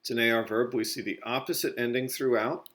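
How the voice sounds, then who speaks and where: A man's voice: medium pitch, fairly even intonation, brisk, fairly bright tone. A male Spanish teacher walks through a recorded grammar lesson step by step, correcting himself as he goes. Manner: explains step by step, corrects himself mid-sentence.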